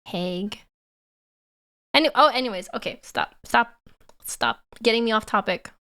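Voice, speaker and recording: A woman's voice: a little high, lively intonation, normal speed, pushed and bright. A woman streamer chatting casually and giggling as she sets up a reaction video. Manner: giggly, self-teasing, chatty.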